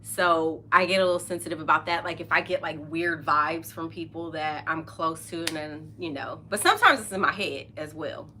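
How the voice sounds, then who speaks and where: Middle-aged woman just chatting, laughs a lot, kinda low voice. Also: moderate pace, few pauses, background noise. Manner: chatty and open, laughs often, trails off mid-sentence. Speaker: podcast host. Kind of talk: casual chat.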